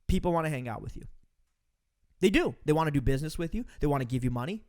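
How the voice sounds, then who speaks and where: A man's voice: on the high side, animated, quick pace, darkish tone. A man hosting a podcast, giving an emphatic, preachy motivational talk to his listeners. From Romania. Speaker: podcast host. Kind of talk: motivational monologue.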